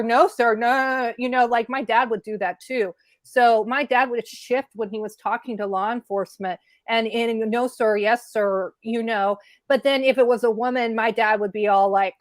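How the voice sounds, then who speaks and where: A woman guest in an interview, talking earnestly and candidly in quick bursts with fillers. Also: fairly high pitch, no echo. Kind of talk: conversational interview commentary.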